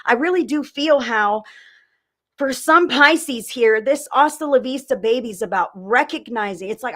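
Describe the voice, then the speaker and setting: A woman with a higher voice, lively intonation and a fairly bright tone speaks a little slowly. She hosts a live tarot reading stream, chatting casually with viewers and swearing now and then. She uses a desk mic and sometimes turns away from it.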